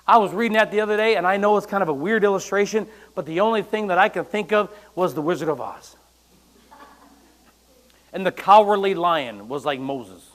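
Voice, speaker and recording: A man with a high voice preaches a lively sermon in church. He acts out quoted lines, now and then breaking into loud bursts. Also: brisk. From United States. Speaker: pastor.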